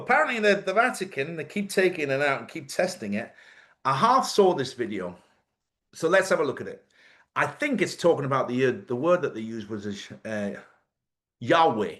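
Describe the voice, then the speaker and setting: A man's voice: mid-range voice, big pitch swings, normal speed, fairly bright tone. Joking, swearing man hosting. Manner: chatty, joking, swears freely, laughs often. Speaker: host. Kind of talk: casual live-stream chat.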